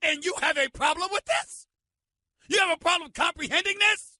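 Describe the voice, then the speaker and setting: A middle-aged man hosting a sports radio show, ranting loudly and emphatically into a studio microphone. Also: very high voice, moderate pace, dry recording. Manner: loud, emphatic, shouting tirade.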